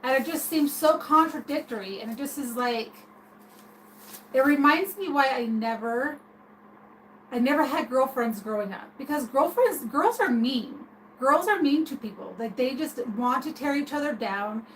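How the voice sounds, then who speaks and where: High-voiced rambling woman streamer. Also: animated, moderate pace, fairly bright tone, slight background noise, poor audio. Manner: rambling, hesitant, many restarts and "like"s. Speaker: streamer talking to viewers. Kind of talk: casual opinion rant.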